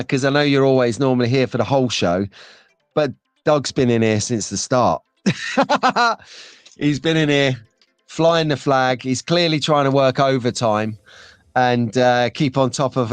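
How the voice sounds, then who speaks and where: A man hosting a casual live stream, chatting excitably and reading out viewer comments, sometimes getting frantic and loud. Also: medium pitch, measured pace, smooth, dry recording. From England.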